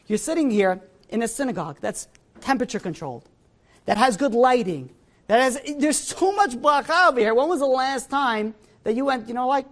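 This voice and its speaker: Here is a rabbi speaking to his congregation in a synagogue. His tone is loose and conversational, and he keeps his story moving with lively energy. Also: extremely high pitch, normal speed. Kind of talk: Torah class in a synagogue.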